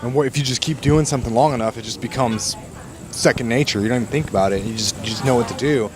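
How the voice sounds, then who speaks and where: A man's voice: mid-range voice, fast, crowd noise. A man as a podcast guest, telling stories in a casual, profane, rambling way with lots of fillers. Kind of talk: casual storytelling.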